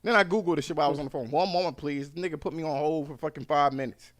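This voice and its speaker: Bright-toned man telling profane stories. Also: on the high side, rapid-fire. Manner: animated, profane storytelling. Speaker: podcast host. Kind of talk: casual podcast chat.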